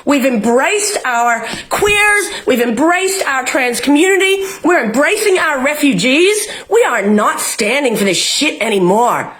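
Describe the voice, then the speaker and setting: A woman's voice: sits high, sing-song, a little slow, few pauses, fairly bright tone. A young Australian woman vlogging from home, ranting with passion and swearing often. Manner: fiery, swearing, emotional, rallying. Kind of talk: impassioned political rant to camera. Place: home, in isolation.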